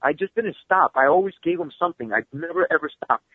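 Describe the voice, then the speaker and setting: A man guest telling stories in a casual interview, excitable and swearing freely, heard over a phone call. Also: on the high side, husky, no room sound. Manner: fast, excitable storyteller who swears freely. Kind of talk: animated storytelling, casual interview. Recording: tinny phone line.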